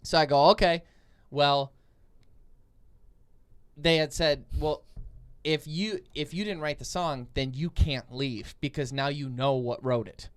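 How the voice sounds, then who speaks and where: Young man, podcast co-host, slightly high pitch, rambling detailed storytelling, casual. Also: unhurried, clear, resonant tone. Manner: long detailed storytelling with many fillers and restarts.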